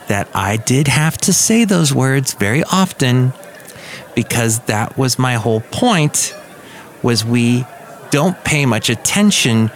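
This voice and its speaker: A man hosting his own podcast, chatting casually in a goofy, joking, rambling way. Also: mid-range voice. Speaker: podcast host. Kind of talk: casual solo podcast chat.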